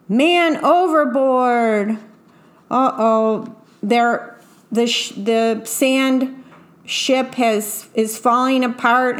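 A woman reading a picture book aloud, gently pointing out what is in the pictures as she goes. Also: a little high. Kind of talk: read-aloud storytelling with picture commentary.

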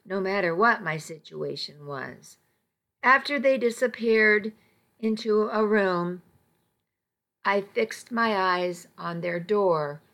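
A woman narrating a novel in the first person, measured and intimate. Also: medium pitch, bright, forceful tone. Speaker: audiobook narrator.

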